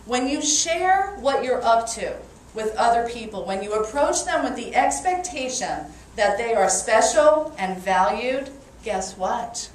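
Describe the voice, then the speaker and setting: A woman with a Brooklyn accent delivers an energetic motivational talk and pulls the audience into call-and-response. Her voice sits a little high. She is picked up from a distance in a very echoey room with a faint noise floor. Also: a little slow, few pauses. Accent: New York (Brooklyn). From Brooklyn, New York. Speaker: motivational speaker.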